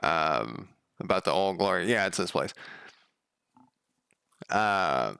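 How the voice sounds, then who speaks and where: A man streams himself coding a game, chatting loosely and swearing freely as he rambles through a story. His voice is animated yet slow, clear and resonant with vocal fry and no echo. He leans on fillers, and he gets louder and higher when quoting others.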